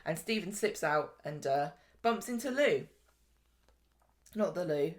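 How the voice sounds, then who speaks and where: A woman's voice: lowish voice, expressive, a little slow. A woman hosting a podcast, recapping a soap in chatty, joking talk. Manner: chatty, jokey, acts out characters' lines. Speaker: podcast host. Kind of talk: casual soap recap chat.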